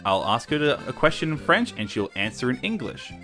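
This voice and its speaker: A man voicing a stern French father in an exaggerated, deliberately bad French accent, reading a story aloud. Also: medium pitch, sing-song, sharp tone, soft background music. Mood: indignant. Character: over-the-top French dad, bad accent.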